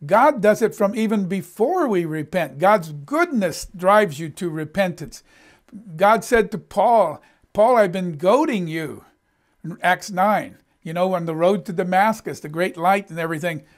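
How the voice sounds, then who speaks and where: A man's voice: high voice, animated, normal speed. A middle-aged male pastor preaching a sermon in an emphatic, conversational way.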